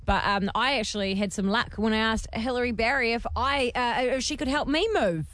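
A woman's voice: fairly high pitch, brisk, a bit bright, a little hiss or hum. A woman co-hosting a radio show, chatting, laughing often and reading listener texts aloud. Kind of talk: casual radio banter.

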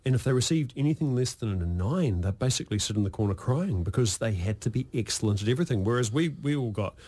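A man's voice: medium pitch, animated, fast talker, darkish tone. A New man hosting a casual radio chat, joking and often stumbling and restarting his sentences. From New Zealand. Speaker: radio host.

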